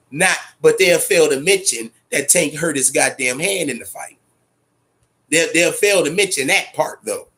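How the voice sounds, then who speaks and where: A man's voice: on the high side, normal speed, a bit bright. A man hosting a boxing talk show, giving profane, emphatic commentary and repeating his points. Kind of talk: casual boxing commentary rant.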